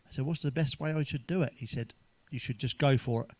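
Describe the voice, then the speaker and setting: Male comic, mid pitch, crude sweary monologue, chuckles at punchlines, dry recording. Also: fast, dry recording. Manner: sweary, chuckles at his own jokes. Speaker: stand-up comedian. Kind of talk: crude joke-telling monologue.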